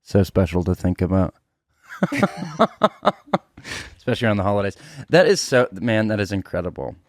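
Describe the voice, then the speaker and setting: Male comic guest, lively swooping delivery, dry close mic, laughs often. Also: low voice, moderate pace, dry recording. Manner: animated storyteller, laughs a lot, acts out quotes. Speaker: podcast guest, comedian. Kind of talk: casual chat. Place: podcast studio.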